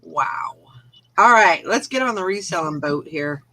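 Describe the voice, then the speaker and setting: A woman hosting a casual chat, teasing her co-hosts and quick to laugh. Her pitch swings widely as she talks. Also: animated, sharp tone, dry recording. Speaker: show host.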